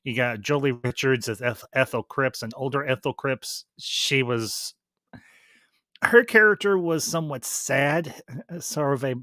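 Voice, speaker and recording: A man's voice: medium pitch, unhurried, sharp tone, no room sound, clean studio sound. A man hosting a casual review stream, chatting with enthusiasm and restarting his phrases often. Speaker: YouTube reviewer.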